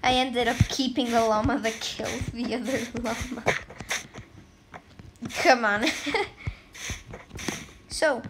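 High-voiced playful woman, noisy recording. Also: steady tone, slow pace, long pauses. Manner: playful, chatty, talks to the game animals. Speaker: gameplay video creator. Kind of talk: casual gameplay commentary. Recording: loud background noise.

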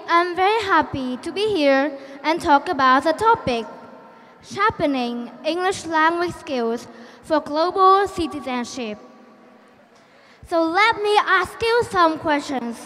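A young woman with a Vietnamese accent speaks in a very high, light voice. She moves at an unhurried, careful pace as she tells a story and questions her audience. The sound carries the long reverb of a big hall over faint ambient noise. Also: fairly bright tone. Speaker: speech contest contestant. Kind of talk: prepared public speech with storytelling.

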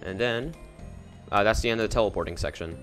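A man's voice: lowish voice, quick pace, fairly bright tone, faint music behind. A young man casually talking through a game walkthrough in a rambling, offhand way. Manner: rambling, casual, easily confused. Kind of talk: casual gameplay commentary.

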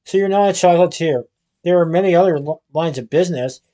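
A man's voice: on the high side, fast, mellow, close to an everyday voice. A man voicing a smug, scornful rival male chocolatier who speaks in a condescending tone. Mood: mocking. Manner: condescending, smirking.

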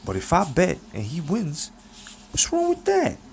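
A man putting on a high-pitched slick hustler voice. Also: huge pitch swings, unhurried, gravelly, slight background noise, heavily acted. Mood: cocky. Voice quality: high slangy street voice. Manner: swaggering, streetwise slang. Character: slick smooth-talking male hustler, cocky and friendly.

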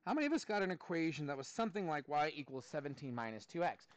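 A man teaches a math class, joking and coaxing his students along. His voice sits high and swings widely in pitch. The sound is close and dry, with little room echo. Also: big pitch swings, fast. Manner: playful, jokey, coaxing students.

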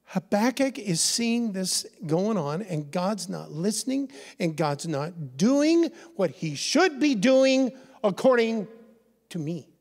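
A middle-aged man preaching a sermon as pastor, animated and leading call-and-response with his congregation. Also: high voice, slow pace. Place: church sanctuary. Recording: long church hall reverb.

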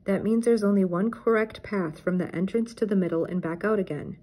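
Fred read by a woman, calm and steady. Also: medium pitch, fairly quick, close to an everyday voice. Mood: explaining. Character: young man, Fred, confident leader.

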